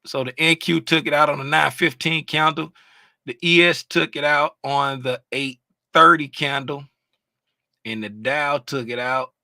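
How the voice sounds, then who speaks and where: Bright-voiced man teaching chart reading. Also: on the high side, a little slow, gravelly, dry recording, studio quality. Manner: animated, sings out terms, asks the audience questions. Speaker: trading educator. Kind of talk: live chart walkthrough.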